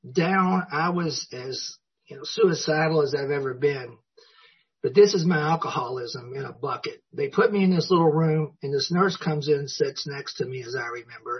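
A man tells his story to a recovery meeting crowd in a husky, slightly raised voice. He is folksy and self-mocking and chuckles often, and the recording sounds dull and lo-fi. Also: a little high. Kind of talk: personal story told to an audience.

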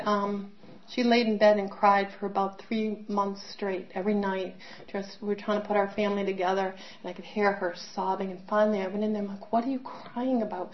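Middle-aged lady telling her story, chatty with lots of ums, kinda muffled sound. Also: mid-range voice. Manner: candid, conversational, with many fillers and restarts. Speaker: speaker sharing her recovery story. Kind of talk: personal testimony talk.

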